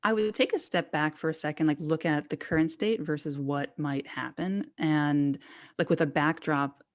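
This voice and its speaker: A woman's voice: low-pitched, moderate pace, no echo. Candid, chatty woman on a dry mic. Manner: chatty and candid, loose with slang. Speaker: guest, trade journalist. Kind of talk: casual interview talk.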